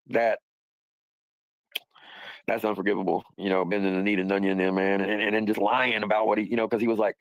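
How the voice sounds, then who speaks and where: A man's voice: on the low side, no echo, low-quality recording. A man hosting a livestream, talking in a rambling, profane, casual way and laughing often. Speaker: livestream host.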